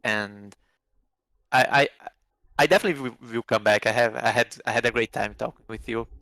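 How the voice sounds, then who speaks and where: A man's voice: medium pitch, a little fast, pushed and bright, no echo, rough recording. A man whose first language is Portuguese, a guest in a casual live interview, speaking modest, hesitant English. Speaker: interview guest, asset developer.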